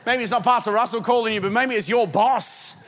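A man preaching a live sermon as pastor, telling stories in an animated, joking way with many restarts. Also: extremely high pitch, a little fast. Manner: animated, jokey storytelling with lots of restarts. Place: large church auditorium. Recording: long hall reverb.

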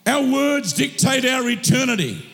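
A male pastor preaching a sermon, impassioned, swinging from shouted declarations to slow, drawn-out teaching, in a church hall with a long echo. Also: very high-pitched, big pitch swings, gravelly. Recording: echoey hall reverb.

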